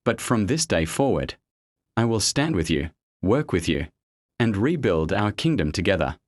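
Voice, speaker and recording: A man's voice: on the low side, very animated, moderate pace, dry recording. A man voicing a king in a folktale, speaking in a formal, declaiming way. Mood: humble. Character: grown man, a ruling storybook king.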